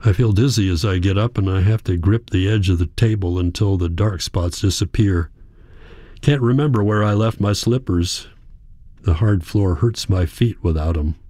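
A man reading a first-person novel aloud, quiet, measured and reflective. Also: sits low, no room sound. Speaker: audiobook narrator. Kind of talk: first-person literary narration.

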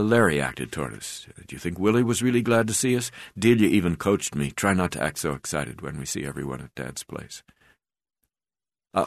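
A man reading his own memoir aloud in a steady pace, with frequent hesitation fillers. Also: low-pitched, no room sound, studio quality. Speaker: memoir narrator.

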